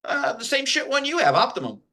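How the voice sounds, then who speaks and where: Animated high-voiced joking man. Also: brisk. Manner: sarcastic, joking rants. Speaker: podcast host. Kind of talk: casual chat.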